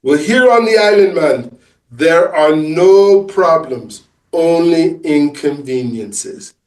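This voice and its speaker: A man voicing a calm, friendly male island hotel concierge in a put-on accent he admits is poor, heard from a distance in an echoey room. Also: fairly high pitch, moderate pace, lightly acted. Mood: soothing.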